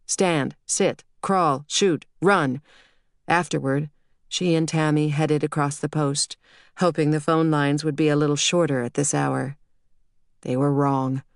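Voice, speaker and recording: A woman narrating an audiobook in a steady, measured reading. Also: deep voice, clear, resonant tone, no room sound, clean studio sound. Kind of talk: scripted narration.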